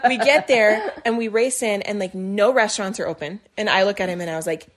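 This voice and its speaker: A young woman on a casual podcast, telling a story in a lively way and acting out the voices of the people in it. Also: mid-range voice, brisk. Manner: animated storyteller acting out quotes. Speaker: podcast co-host.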